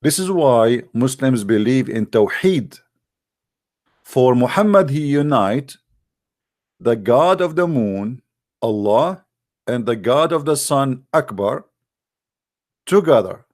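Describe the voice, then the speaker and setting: A man with a middle-pitched voice gives a heated online talk, repeatedly pressing his listeners with rhetorical questions. He calls the audience guys, speaks with non-native grammar, and often restarts his sentences. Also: lively intonation, slow pace, pauses often, a little mellow. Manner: addresses the audience directly as guys. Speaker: religious debate speaker.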